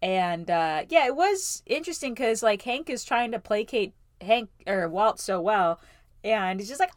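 A woman's voice: mid-range voice, animated, measured pace, no room sound, clean studio sound. A woman co-hosting a podcast in casual chat, rambling and hesitant, laughing easily. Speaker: podcast co-host.

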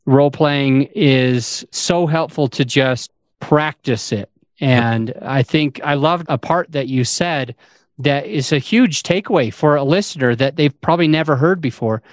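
A man's voice: a little high, a little slow, dry recording, studio quality. A man hosting a podcast interview in a casual chat, explaining his ideas as he thinks aloud. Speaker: podcast host.

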